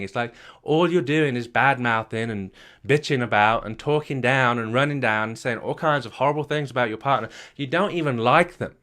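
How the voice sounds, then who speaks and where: A man's voice: medium pitch, fairly quick, hardly any pauses, fairly bright tone. A man giving a motivational talk as a marriage coach, emphatic and repetitive, firing questions at the listener.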